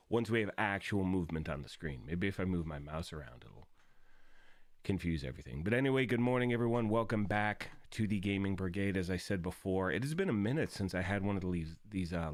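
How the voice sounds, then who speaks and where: A man hosting a gaming live stream in upbeat, casual chat, his voice raspy from the early morning. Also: low voice, dry recording, clean studio sound. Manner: upbeat and chatty, greeting viewers.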